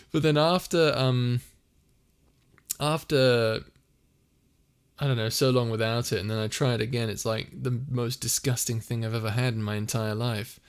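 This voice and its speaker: Brief: young male streamer, playful casual chat, frequent laughs, mid-pitched voice. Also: steady tone, normal speed, smooth. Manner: chatty and playful, laughs often. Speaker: streamer and audio creator. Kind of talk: casual live-stream chat, reading viewer comments.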